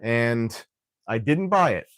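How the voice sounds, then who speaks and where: Man, young adult, live stream host, casual rambling chat, throat clearing, mid-pitched voice. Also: very animated, takes it slowly, fairly bright tone, no echo, studio quality.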